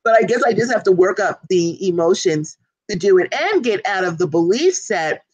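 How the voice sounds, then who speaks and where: A woman's voice: medium pitch, expressive, normal speed, a little mellow, dry recording, lo-fi sound. A woman co-hosting a casual live talk show, speaking earnestly and directly to her audience. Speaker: co-host. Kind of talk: casual chat.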